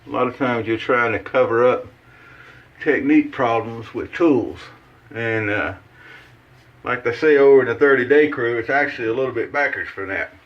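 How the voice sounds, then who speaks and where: A shaving channel host chats casually at his bathroom sink while he shaves, giving folksy, rambling how-to talk packed with fillers. His voice is mid-range at a normal speed, and the recording sounds muffled.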